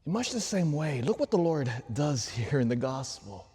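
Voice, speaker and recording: A priest preaches to his parish with a fairly high, lively voice that swoops up and down. He fires off rhetorical questions and drops into near-whispers. The sound carries a long church reverb. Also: normal speed, husky. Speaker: Catholic priest. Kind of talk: sermon. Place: large church.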